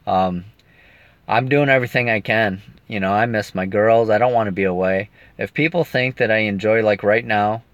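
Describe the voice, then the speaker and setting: A man's voice: fairly low pitch, moderate pace, dry recording. A man giving a rambling, emotional update to his viewers while sitting in a car, stopping now and then to read their comments. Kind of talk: casual video update. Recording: dull lo-fi sound.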